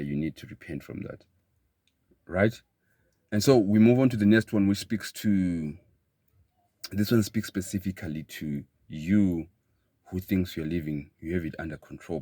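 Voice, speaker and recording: Man, motivational speaker, very low voice, emphatic, repeats himself, dry recording. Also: no room sound. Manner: emphatic, repeats phrases, rises to bursts of excitement. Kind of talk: motivational talk.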